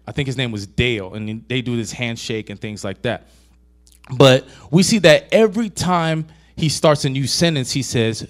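A man preaching a casual, conversational sermon to a young adult group, asking the audience questions and retelling film scenes. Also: medium pitch. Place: church hall.

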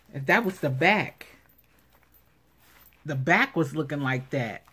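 A woman's voice: low-pitched, a bit bright. A woman vlogger unboxing craft supplies in casual commentary, gushing and exclaiming over each item. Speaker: craft vlogger showing giveaway prize.

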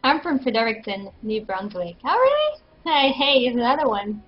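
A woman's voice: a little high, big pitch swings, normal speed, dull audio. A woman with a French Canadian accent, chatting and giggling often while she plays a game on stream. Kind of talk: casual gameplay commentary.

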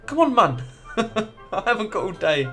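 A man's voice: high voice, big pitch swings, moderate pace, bright, forceful tone, soft background music, exaggerated voice. A man reading a chatty, touchy little male creature's lines aloud in a raised, chirpy, sarcastic voice. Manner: chirpy, sarcastic, mock-hurt.

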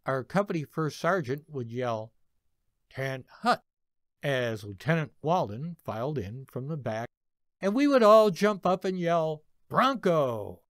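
A man in his seventies, a veteran narrating a personal army story in a slow, expressive way. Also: fairly high pitch, no echo, clean studio sound. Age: 70s. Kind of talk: reading a personal war story.

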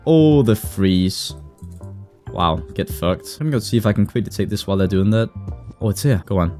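A man commentating his own online game play, excitable, swearing and breaking into sudden loud outbursts. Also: lowish voice, moderate pace, soft background music. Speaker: gaming YouTuber. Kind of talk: live gameplay commentary.

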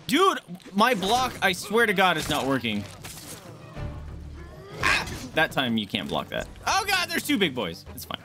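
Excitable young gamer yelling at enemies. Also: male voice, high-pitched, a little slow, pauses often, music in the background. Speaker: gaming streamer. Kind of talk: casual let's-play commentary.

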